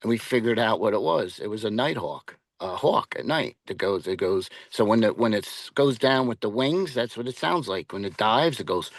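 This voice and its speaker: A man with a fairly low voice speaks in a loose, rambling way, full of "um"s and restarts, as a guest on a paranormal interview. The recording is dry and close, with no room sound. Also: animated, normal speed, gravelly, no room sound. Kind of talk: casual interview chat.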